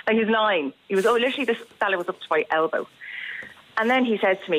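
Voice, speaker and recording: An Irish woman in her thirties, calling a radio phone-in and telling a story with lively energy and frequent laughs. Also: medium pitch, fairly quick. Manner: animated storytelling, laughs often. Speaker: caller. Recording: muffled phone-in line on radio.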